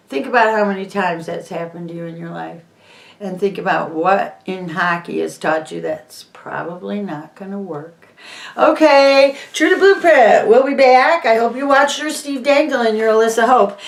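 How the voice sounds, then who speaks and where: A woman's voice: medium pitch, unhurried, gravelly, recorded from a distance. A woman hosting a casual monologue vlog, rambling and emphatic, moving between topics. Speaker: host. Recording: echoey room, voice off-mic.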